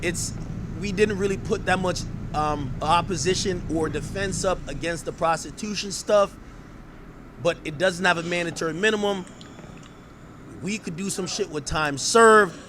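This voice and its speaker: Man, podcast host, high voice, brash and profane, gets shouty, faint hiss behind. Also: normal speed. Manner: animated, profane, at times shouting. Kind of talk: casual reaction commentary.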